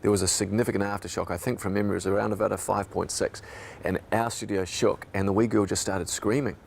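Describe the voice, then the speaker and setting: NZ male broadcaster, gravelly and fairly low, reflective interview recollection. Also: level tone, fast talker, slight background noise. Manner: reflective, emotional storytelling. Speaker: radio broadcaster.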